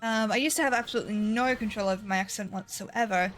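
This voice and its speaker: A woman's voice: medium pitch, quick pace, fairly bright tone, faint music behind. A sleepy woman on painkillers, chatting casually while streaming a game in a put-on Irish accent that slips into Southern US, rambling, sweary and giggly. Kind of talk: casual live-stream chat while gaming.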